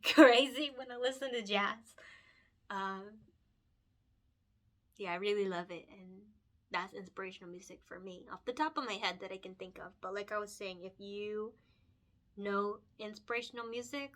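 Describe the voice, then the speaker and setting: A woman's voice: medium pitch, a bit bright. A young adult woman illustrator chatting casually while she colors, emotional and gushing, laughing often and saying "like" a lot. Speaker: picture book illustrator and vlogger.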